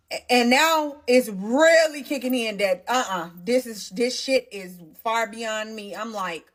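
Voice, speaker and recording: A young adult woman telling her own story in a casual storytime monologue, emotional and animated, talking straight to her viewers. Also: fairly high pitch, measured pace.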